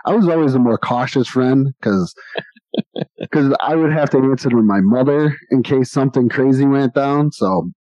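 A man from the United States spins long, rambling stories from his youth in an easygoing chat. His voice is dark and relaxed, and the sound is dry and close to the mic. He slips into quoted voices as he goes. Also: mid-range voice, moderate pace, no echo, lo-fi sound. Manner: rambling, animated anecdotes with acted-out quotes. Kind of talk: casual storytelling chat.

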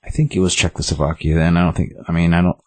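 Male comic reviewer, deep, dry close sound, rambling casual chat. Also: flat delivery, fast, no room sound. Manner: rambling, full of likes and ums.

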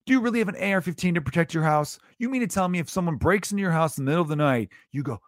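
A man's voice: sits high, lively intonation, rapid-fire, hardly any pauses, no room sound, studio quality. Profane, exasperated male comedian ranting. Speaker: comedian and podcast host. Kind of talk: ranting podcast monologue.

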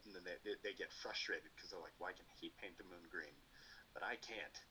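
A man with a very low voice and a bright, forceful edge, co-hosting a loose chat show. He rambles through explanations and acts out what people say. A faint hiss sits under the recording. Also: quick pace, rough recording. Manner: rambling, animated explanations with acted-out quotes. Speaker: podcast co-host. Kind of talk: casual chat.

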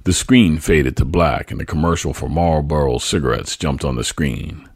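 A man reading his own memoir aloud as a podcast host, husky and tender. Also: a bass voice, normal speed, no echo, studio quality. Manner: tender, reflective storytelling.

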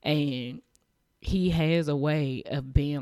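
A woman's voice: extremely low pitch, steady tone, measured pace, dark tone, dry recording, studio quality. A woman hosting a podcast, giving a heartfelt, emotional, faith-based message of encouragement. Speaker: podcast host.

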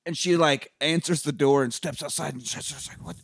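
A man's voice: a little high, a little fast, vocal fry, no room sound. A man co-hosting a podcast in casual chat, retelling a movie with profanity, frequent laughter and acted-out lines. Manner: profane, animated, laughs often, acts out characters' lines. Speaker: podcast co-host.

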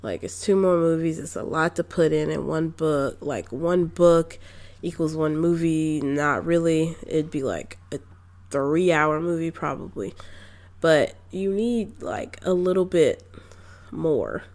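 A woman's voice: deep voice, measured pace, a little mellow. A young woman giving a casual spoken movie review, chatty and incredulous, with sassy asides.

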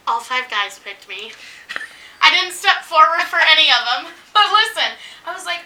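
High bright woman in an echoey room. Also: moderate pace, recorded from a distance. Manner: animated storyteller acting out quotes. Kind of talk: casual chat.

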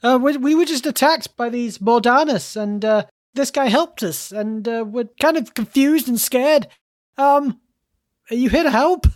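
A woman's voice: a little high, a little slow, a little mellow, dry recording. Woman, tabletop player, casual chat, hesitant, fillers, dry.

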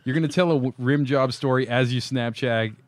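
A man's voice: mid-range voice, brisk, a little hiss or hum. A man hosting a casual chat show from a bar, telling upbeat stories and laughing a lot. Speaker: show host.

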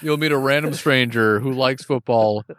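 A man's voice: medium pitch, moderate pace, fairly bright tone, no room sound, studio quality. A man co-hosting a casual drink-tasting podcast, laughing often and teasing his co-host.

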